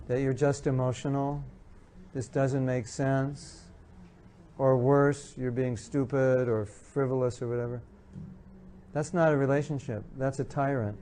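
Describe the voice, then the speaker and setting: Male lecturer, mellow dark tone, earnest, repeats his points to the audience. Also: medium pitch, slight background noise. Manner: earnest, repeats key phrases, acts out spouses' lines. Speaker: speaker giving a talk on marriage. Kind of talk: spiritual lecture with audience questions.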